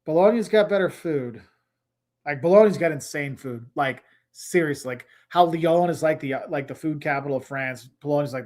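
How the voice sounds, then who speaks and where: Middle-aged male host, fairly high voice, loose conversational delivery, drifts between viewer questions. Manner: chatty, rambling, reads viewer comments aloud. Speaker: travel livestream host. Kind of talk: casual livestream Q&A.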